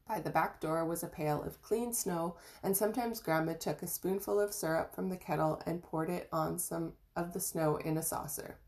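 A woman reading a children's storybook chapter aloud in a gentle, even way, with small slips and restarts. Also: fairly low pitch, normal speed, few pauses. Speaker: reader of an audiobook chapter.

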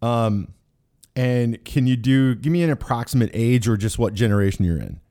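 A man's voice: medium pitch, moderate pace, dark tone. A man in his forties from Kansas, hosting a casual podcast and chatting with guests on a remote call in a joking, rambling way full of restarts. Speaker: podcast host.

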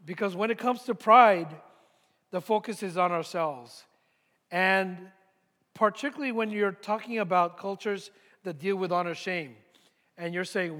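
A high-pitched man delivers a sermon as a pastor, slowing and pausing to drive his points home and repeating them for weight. His voice rings out with a long reverb, as in a large church sanctuary. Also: fairly bright tone. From United States. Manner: deliberate, repeats key points with emphatic pauses.

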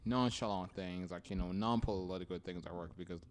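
A man's voice: deep voice, fairly quick, slight background noise. A man co-hosting a podcast, teasing and joking in casual banter. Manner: teasing, laughs a lot. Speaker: podcast co-host.

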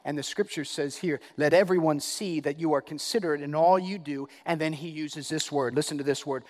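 A male pastor preaching a sermon, emphatic, repeating key phrases and swinging between loud and hushed. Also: a little high, steady tone, fairly quick, few pauses, big-room sound.

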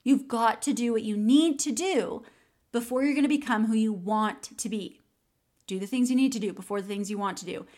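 A woman's voice: fairly high pitch, brisk, a little mellow. A woman hosting a solo podcast and coaching her listeners through a journaling exercise. She speaks encouragingly, often laughs, and repeats key phrases. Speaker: podcast host and mindset coach.

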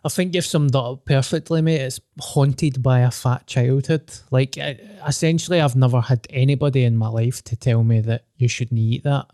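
A man's voice: medium pitch, moderate pace, hardly any pauses, mellow, no echo, clean studio sound. A Scottish man hosting a podcast, chatting casually, blunt and sweary with a joking manner. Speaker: podcast host. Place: venue with a dry sound.

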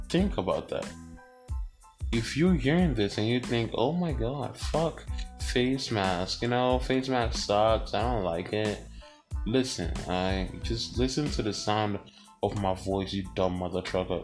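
A young man ranting as a vlogger, heated, profane and rambling, full of slang. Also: fairly low pitch. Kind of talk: profane rant to camera.

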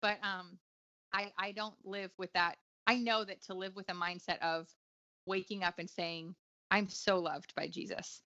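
A woman's voice: medium pitch, fairly even intonation, moderate pace, bright, forceful tone, no echo, dull audio. A woman talking earnestly and reflectively in an interview, with frequent fillers and restarts. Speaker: guest author. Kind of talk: conversational interview.

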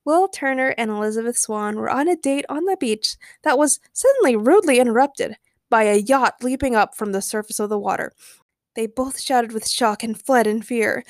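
A woman's voice: medium pitch, normal speed, creaky, dry recording, clean studio sound. A woman podcast host reading her own fan fiction aloud as narrator. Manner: plain storybook narration.

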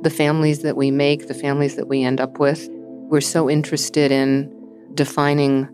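Very low-voiced woman hosting. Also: little pitch movement, normal speed, over music. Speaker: podcast host. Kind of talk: reflective interview and narration.

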